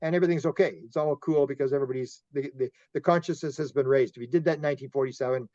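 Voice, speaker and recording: A man from Canada, a UFO investigator being interviewed, telling animated stories, laughing often and acting out quotes. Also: medium pitch, very fast, dry recording, highs cut off. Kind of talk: casual interview storytelling.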